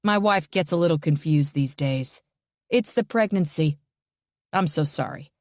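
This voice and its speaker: A woman's voice: measured pace, no echo, studio quality. A woman voicing a menacing, controlling husband. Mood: placating. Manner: smooth then low and threatening.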